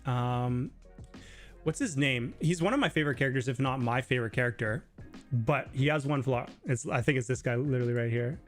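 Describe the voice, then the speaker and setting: A man hosting a casual live Q&A stream, talking loosely with lots of fillers and sometimes mimicking other people in a high voice. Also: a little fast, faint music behind. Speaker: livestream host.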